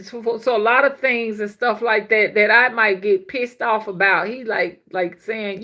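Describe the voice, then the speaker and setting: A woman's voice: on the high side, a little slow. A woman, hosting a casual livestream as a spiritual reader and chatting with viewers. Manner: chatty, laughs often, slangy and animated.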